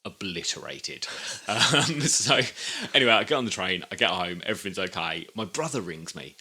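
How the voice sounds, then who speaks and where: Bright-voiced lad telling stories. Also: male voice, low-pitched, lively intonation, moderate pace, husky. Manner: laughing storyteller, swears freely. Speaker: podcast co-host. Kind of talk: casual chat.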